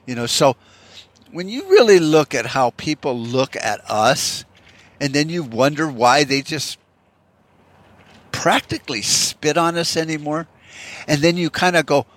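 A man's voice: on the high side, very animated, measured pace, a bit bright. A man delivering a heated, profane, rambling monologue as a podcast host. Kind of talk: casual rant monologue.

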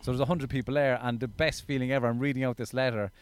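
An Irish stand-up comedian in his thirties, telling stories in a casual interview, animated and swearing freely. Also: medium pitch, fast talker, clean tone, no room sound. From Ireland. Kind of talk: casual storytelling in a podcast interview.

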